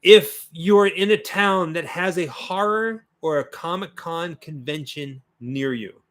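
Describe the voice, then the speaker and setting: A man's voice: fairly high pitch, slow. A man co-hosting a casual horror livestream, reading out viewer comments in an upbeat way. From United States. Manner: reads out chat messages, upbeat. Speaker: co-host of a horror watch-party livestream.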